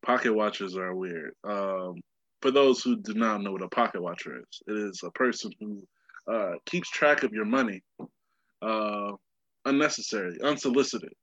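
A man's voice: lowish voice, moderate pace, a bit bright, no echo. Chill guy cohost cracking jokes, dry dull mic. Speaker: podcast co-host. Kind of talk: casual chat.

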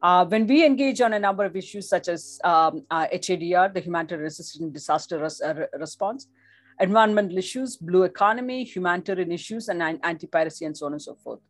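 A woman with a somewhat low voice gives a prepared policy talk. Her delivery is measured and formal, with the odd restarted word. The sound is dry and close, with no room around it. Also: no room sound. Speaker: policy analyst.

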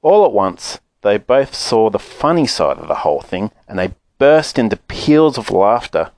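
Guy reading a kids book, expressive, low voice, dry close sound. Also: moderate pace, dry recording. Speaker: audiobook narrator. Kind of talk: storybook narration.

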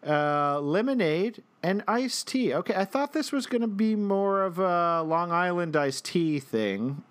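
A man co-hosting a casual comedic chat, playful and quick to laugh. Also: sits high, lively intonation, clean tone. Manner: playful, laughs often, slips into jokey voices. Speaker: podcast co-host.

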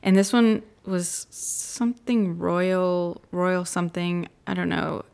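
A woman co-hosting a podcast, chatting casually with a gravelly, fry-tinged voice pitched a little low. She rambles from one thing to the next and laughs often. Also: flat delivery, takes it slowly, darkish tone. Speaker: podcast co-host. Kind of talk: casual chat.

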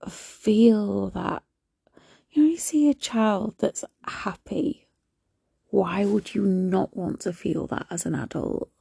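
A young woman hosting a casual solo podcast, talking softly and often slipping into a whisper. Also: mid-range voice, creaky, slightly rough, dry recording. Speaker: podcast host.

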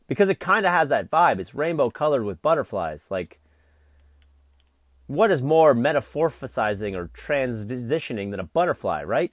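A man's voice: medium pitch, no echo, studio quality. A young adult man hosting a vlog, delivering an exasperated, profane solo rant full of fillers. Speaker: vlog host.

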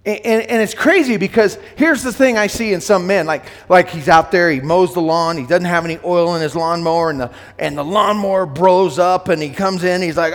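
A middle-aged man preaching a sermon to men, earnest and plain-spoken, often repeating words as he goes, sometimes loud and sometimes hushed. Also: sits high, normal speed, long reverb tail. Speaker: pastor.

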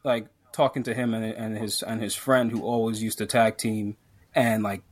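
A man's voice: lowish voice, flat delivery, normal speed. A man co-hosting a casual podcast, ranting with lots of restarts and fillers. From Jamaican heritage. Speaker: podcast co-host.

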